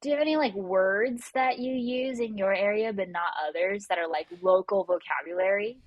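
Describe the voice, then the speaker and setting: A woman's voice: medium pitch, normal speed, dry recording, muffled recording. A woman with a Californian American accent hosting a casual chat, bubbly and laughing often. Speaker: host. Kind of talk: casual video-call chat.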